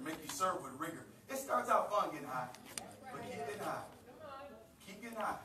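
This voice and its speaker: An American man preaching a sermon as pastor, calling on a reader and building up to shouting. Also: high-pitched, sing-song, brisk, pauses often, crowd noise. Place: church sanctuary. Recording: roomy live church recording from a distance.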